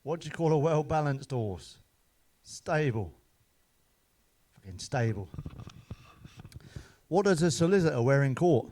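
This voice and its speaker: A little high and a little fast, with hardly any pauses, this middle-aged stand-up's dark-toned voice delivers dad jokes and one-liners. He swears freely and chuckles after his punchlines.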